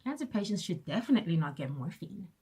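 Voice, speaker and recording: A young woman talks straight to her viewers in a casual vlog rant, her voice sitting a little low. She tells her stories with exasperated sarcasm and slips into mocking voices when she quotes other people. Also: big pitch swings, fast talker, dark tone, slightly rough. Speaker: vlogger.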